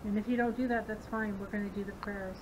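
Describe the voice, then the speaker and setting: A woman's voice: medium pitch, steady tone, fast talker. A woman paranormal investigator calling out to spirits during an outdoor ghost hunt. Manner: coaxing, talks to spirits. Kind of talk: ghost-hunting field chat. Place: outdoors at abbey ruins. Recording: loud outdoor background noise.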